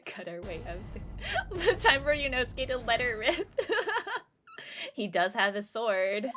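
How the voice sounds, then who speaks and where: Giggly, animated woman streamer. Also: a little high, takes it slowly, pauses often. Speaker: streamer, host. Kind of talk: casual game commentary.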